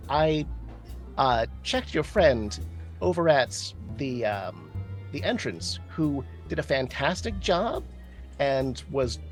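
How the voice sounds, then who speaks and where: Guy doing a slow-talking formal inspector, up and down pitch, music in the background. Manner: measured, formal, bureaucratic. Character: smooth, officious male safety inspector.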